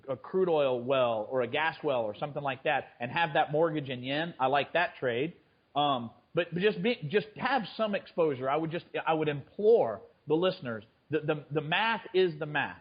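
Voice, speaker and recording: A man's voice: a little high, husky, muffled recording. A man speaking as a trader guest in a conversational interview, often restarting his sentences. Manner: frequent stammered restarts. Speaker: guest, fund manager and trader.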